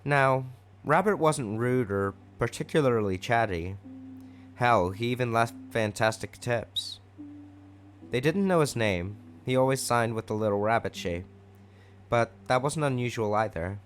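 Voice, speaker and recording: Male storyteller, mid pitch, casual fanfic reading with wry asides. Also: lively intonation, measured pace, faint music behind. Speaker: fanfic narrator.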